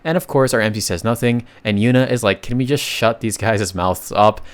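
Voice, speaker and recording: A man narrating a comic recap in a casual, chatty way, with sudden loud bursts and slangy asides. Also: lowish voice, fairly quick.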